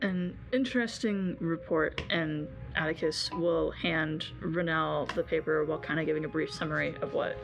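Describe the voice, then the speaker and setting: Gravelly-voiced game master. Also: medium pitch, steady tone, normal speed, few pauses, music in the background. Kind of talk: narrating a tabletop game.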